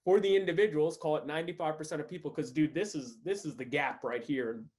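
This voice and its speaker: A man's voice: fairly high pitch, quick pace, a little mellow. A man hosting a casual business podcast, an eager interviewer who prompts his guest with slangy requests.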